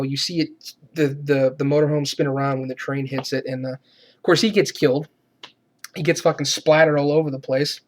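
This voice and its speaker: Dude ranting about a film, annoyed, cursing constantly, gets loud mocking stuff. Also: male voice, sits high. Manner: exasperated, swears a lot, shouts when imitating characters. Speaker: movie reviewer. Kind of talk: profane movie rant.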